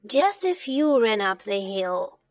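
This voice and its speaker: A woman storyteller narrating a children's storybook in a slow, expressive way. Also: medium pitch, dry recording. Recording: dull lo-fi dry recording.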